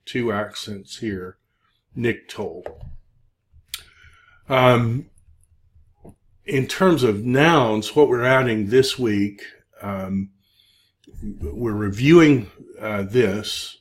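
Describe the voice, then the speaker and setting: A man teaching a recorded Hebrew lesson, speaking haltingly with many fillers and drilling word forms. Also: fairly low pitch. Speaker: Hebrew instructor. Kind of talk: recorded lecture.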